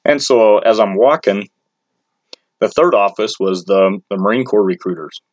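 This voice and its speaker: Recounting something from his own life, a man speaks bluntly and crudely at a normal speed, his fairly low voice full of filler words, slang, and restarts as he rambles. The lo-fi recording sounds dull and dry, with no echo.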